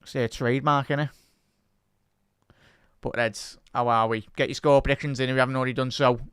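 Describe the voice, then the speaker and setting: A man hosting a live football watch-along, giving excitable fan commentary and chatting with viewers. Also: mid-range voice, fairly quick, clean tone, dry recording, studio quality.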